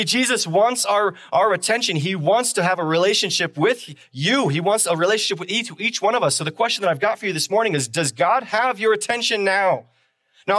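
A man's voice: high-pitched, fairly bright tone, no echo, clean studio sound. A man preaching a sermon as pastor on a live stream, talking conversationally and driving points home with repeated phrases and rhetorical questions.

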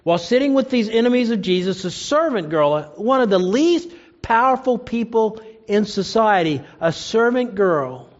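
A man's voice: expressive, normal speed, dull audio. A man preaching a sermon, retelling a story and acting out the quoted lines. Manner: storytelling, acts out quoted lines with rising pitch.

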